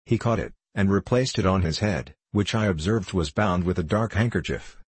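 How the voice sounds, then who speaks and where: A man with a very low, husky voice playing a polite, formal young gentleman in an audiobook. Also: lively intonation, moderate pace, no room sound. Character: young gentleman, polite and earnest, recounting a robbery.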